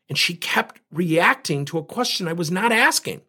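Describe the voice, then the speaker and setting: A high, bright, husky voice with lively intonation and a forceful tone carries this podcast monologue at normal speed. The man is a leadership coach and host who speaks emphatically to listeners and poses rhetorical questions.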